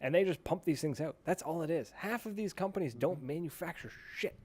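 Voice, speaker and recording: A man's voice: a little high, lively intonation, fairly quick, a little mellow, slightly rough. A man co-hosting a paintball podcast in casual chat, rambling and blunt, swearing freely. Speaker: podcast co-host.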